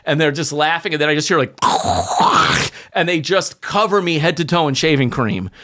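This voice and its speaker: A man, telling lively stories as a podcast guest and acting out what people said. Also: fairly high pitch, fast. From New York. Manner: animated storyteller acting out quotes, many fillers. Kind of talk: casual storytelling chat.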